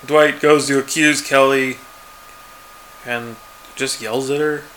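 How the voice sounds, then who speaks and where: A man's voice: medium pitch, fairly even intonation, slow pace, fairly bright tone, slight background noise. A man chatting casually as a podcast co-host, laid-back and chuckling, acting out quoted lines. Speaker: podcast co-host recapping a TV episode. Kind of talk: casual chat.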